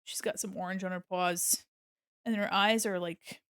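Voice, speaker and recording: A woman's voice: medium pitch, steady tone, moderate pace, a bit bright, clear, resonant tone, dry recording. A woman streamer talks casually as she draws, her voice sitting in a middle register. She is giggly and affectionate, often breaking into laughter. The sound is dry and close, with no room around it. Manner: gushing and affectionate. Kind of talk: casual livestream chat while drawing.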